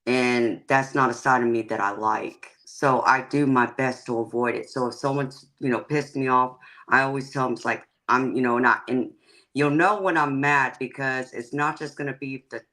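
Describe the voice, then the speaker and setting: A woman's voice: a bass voice, steady tone, normal speed, a bit bright, low-quality recording. A psychic and tarot reader, a woman, talking frankly and plainly about her life as a guest on a live-stream chat, laughing easily. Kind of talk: candid personal storytelling in a live-stream chat.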